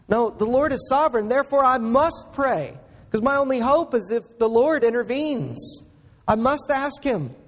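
A man preaching a sermon as a pastor, slow and earnest, pressing each point with emphatic rises. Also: very high-pitched, animated. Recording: long hall reverb.

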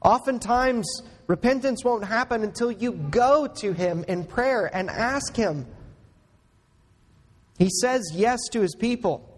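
A man preaching a sermon as a pastor, slow and earnest, pressing each point with emphatic rises. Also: extremely high pitch, animated, slight background noise. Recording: long hall reverb.

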